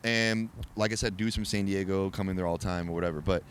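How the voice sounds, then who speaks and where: A man telling wild stories as a podcast guest in casual chat, animated and profane, often laughing as he talks. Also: sits low, fast talker, slight background noise.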